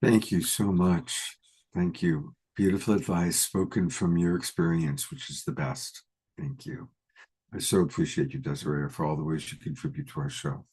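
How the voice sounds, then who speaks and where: Deep husky-voiced male host. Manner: gentle, appreciative, unhurried. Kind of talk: hosting a spiritual talk show.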